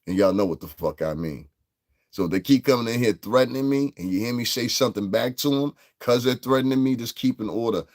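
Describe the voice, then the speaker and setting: A man rants on a livestream, brash and combative, swearing freely. His voice sits fairly low. He jabs at viewers in the chat. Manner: brash, profane and combative, with laughs. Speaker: livestream host. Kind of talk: heated livestream rant.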